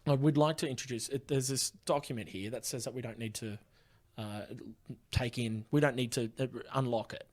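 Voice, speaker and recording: A man's voice: medium pitch, fairly even intonation, brisk, pitched below the performer's own voice, lightly acted. A man playing a smug corporate rep. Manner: smug and dismissive. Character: cocky male corporate phone representative.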